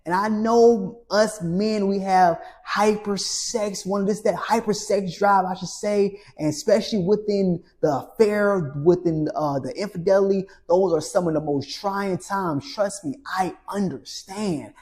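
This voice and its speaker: A man's voice: high voice, measured pace, few pauses. Preachy man giving rules in punchy phrases. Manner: preachy, repeats "my friend" with a dropped, quiet tail. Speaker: relationship coach. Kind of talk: motivational monologue.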